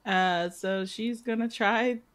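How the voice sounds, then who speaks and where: A woman's voice: medium pitch, fairly even intonation, takes it slowly, fairly bright tone. A woman playing in a tabletop game, playful and laughing as she speaks for her character. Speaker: player. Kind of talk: casual tabletop play.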